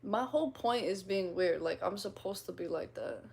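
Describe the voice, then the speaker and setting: A young woman in her twenties talks loosely to her livestream viewers, rambling and poking fun at herself. Her voice has a gravelly vocal fry at mid pitch, and she breaks into laughter often. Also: moderate pace, a little mellow, a little hiss or hum. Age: 20s. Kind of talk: casual livestream chat, reading comments.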